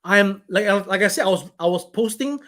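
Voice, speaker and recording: A man's voice: sits high, a little fast, fairly bright tone. A man hosting his own live stream, reading out viewer comments in an irritated, blunt, rambling way and swearing now and then.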